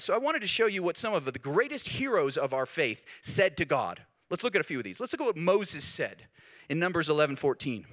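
A man preaching a sermon as pastor, talking in a lively, conversational way and acting out the voices he quotes. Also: on the high side.

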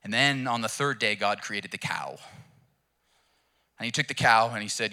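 A man's voice: lowish voice, normal speed, vocal fry, pauses often, pushed and bright. A young adult man preaching a sermon in a casual, storytelling way with jokes. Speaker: pastor.

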